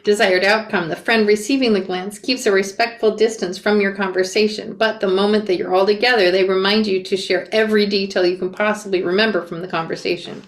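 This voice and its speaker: A woman's voice: medium pitch, steady tone. Woman reading aloud in a roomy space. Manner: reads narration plainly, breaks off for quick asides and self-corrections. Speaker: reader reacting to a memoir. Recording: roomy echo.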